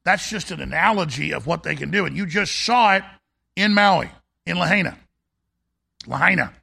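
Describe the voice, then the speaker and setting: Gravelly, ranting male talk host. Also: fairly high pitch, normal speed, pushed and bright. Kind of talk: fiery political monologue.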